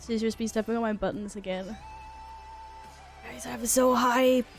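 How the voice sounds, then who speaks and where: Woman, streamer, headset mic, giggly, excitable, higher voice, unhurried pace, faint music behind. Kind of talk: casual stream chat.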